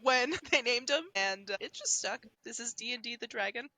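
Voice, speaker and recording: A woman's voice: a little high, moderate pace, sharp tone, low-quality recording. A woman chatting casually and upbeat about her pets.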